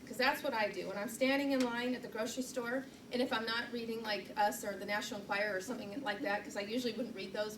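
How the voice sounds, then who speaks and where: A middle-aged woman leads a live training session in a chatty, self-deprecating way, her voice sitting a little high. She is picked up from a distance in an echoing meeting room, with noise underneath. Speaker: public speaking trainer. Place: meeting room, recorded from the back. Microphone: far camera mic. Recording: roomy, distant and noisy room recording.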